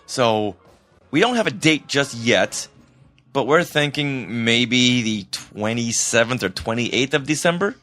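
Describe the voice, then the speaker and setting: A man from the Boston area co-hosting a podcast in casual chat, enthusiastic and quick to laugh. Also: medium pitch, animated, bright, forceful tone, soft background music. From Boston area, USA. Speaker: podcast co-host.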